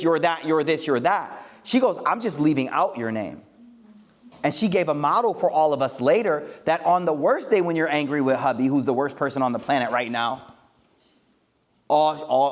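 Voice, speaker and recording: A man giving a casual, joking religious talk to a live audience, using street slang and acting out quoted lines. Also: fairly high pitch. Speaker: Islamic speaker.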